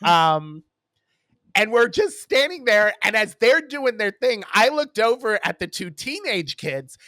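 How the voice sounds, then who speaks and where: Male co-host, bright tone, chatty and wry, dry close-miked sound. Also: sits high, sing-song, a little slow, dry recording. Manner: chatty, frank, wry, swears for emphasis. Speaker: podcast co-host. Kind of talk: casual storytelling chat.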